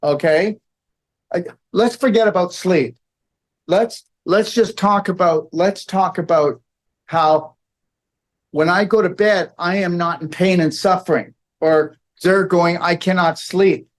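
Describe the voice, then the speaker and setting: A man's voice: high-pitched, slow pace. A man giving a rambling, emphatic lecture to a live audience, often checking in with okay and all right.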